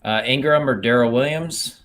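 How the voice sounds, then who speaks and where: Brisk man in casual podcast chat. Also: mid-range voice, a bit bright. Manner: brisk, reads questions in short clipped bits. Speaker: podcast co-host.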